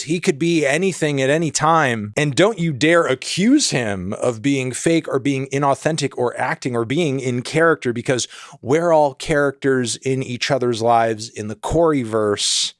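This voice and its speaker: Jokey, animated male music critic. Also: unhurried, no room sound, clean studio sound. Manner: animated and jokey, with sudden pitch jumps. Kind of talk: casual video review.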